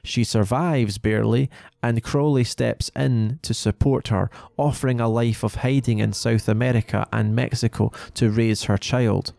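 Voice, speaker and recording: A man narrating a lore video in a measured, explanatory way. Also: medium pitch, fairly even intonation, gravelly, mellow, no room sound. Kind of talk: scripted narration.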